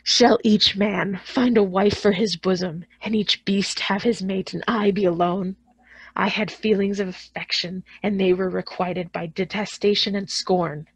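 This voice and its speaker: A woman reading aloud, voicing a wretched, vengeful male creature in a smothered, low, hushed voice, speaking slowly and sometimes sinking into whispers. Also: fairly even intonation, husky, no room sound. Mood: bitter vengeful. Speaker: school librarian.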